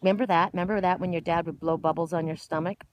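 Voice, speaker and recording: A woman's voice: lowish voice, fairly even intonation, quick pace, a little mellow, no echo. Emotional middle-aged woman vlogging outdoors. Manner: emotional, rambling, many restarts. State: choked up, tearful. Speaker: spiritual oracle vlogger. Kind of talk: casual outdoor vlog monologue. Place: outdoors sitting on a woodchip pile by a park.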